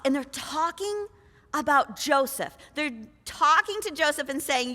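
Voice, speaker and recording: A woman's voice: high-pitched, expressive, a little slow, pushed and bright, long reverb tail. A woman preacher retelling a scripture story in a conversational sermon, full of rhetorical questions. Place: church.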